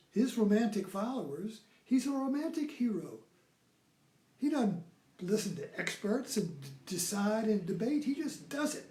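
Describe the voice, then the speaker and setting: A man's voice: very high voice, warm tone, roomy sound. A man giving a rambling, informal lecture who keeps repeating "you see.".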